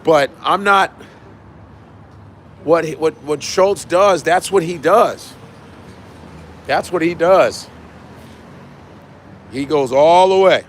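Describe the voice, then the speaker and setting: Profane comedian chatting on a livestream. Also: male voice, on the high side, slow, long pauses, a little hiss or hum. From United States. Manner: loose, profane, repeats lines for emphasis. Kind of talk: casual chat with viewers.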